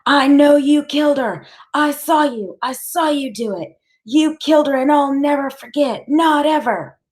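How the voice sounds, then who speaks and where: A woman voicing a desperate teenage boy who shouts and pleads at his father in an audiobook. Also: sits high, a little slow, pitched above the performer's own voice. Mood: desperate screaming.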